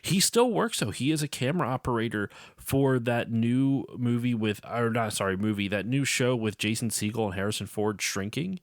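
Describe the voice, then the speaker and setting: A man's voice: mid-range voice, normal speed, hardly any pauses, no room sound, studio quality. A man talking casually about a film on a podcast, rambling and correcting himself as he goes. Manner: rambling, self-correcting, laughs easily. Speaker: podcast co-host.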